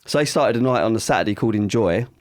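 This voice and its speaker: Guy, 40s, chatty storyteller doing the voices, quick talker, dry sound. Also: lowish voice, dry recording. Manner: animated, acts out quoted voices, casual swearing. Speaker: podcast guest, DJ. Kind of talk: casual anecdotal storytelling.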